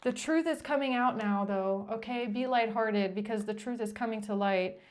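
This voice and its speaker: A woman's voice: on the high side, moderate pace, a little hiss or hum. A woman giving a tarot reading in a blunt, emphatic way, cursing when she gets frustrated. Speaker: tarot reader.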